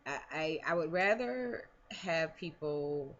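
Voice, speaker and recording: A woman's voice: low-pitched, animated, slow pace, a bit bright, highs cut off. A woman talking casually in a personal vlog, rambling with many fillers and restarts. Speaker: vlogger.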